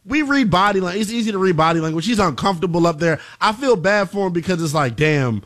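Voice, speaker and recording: A man co-hosting a sports talk show, arguing his point in an animated, incredulous way. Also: high-pitched, fast. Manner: animated and incredulous, rising to near shouts. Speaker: co-host.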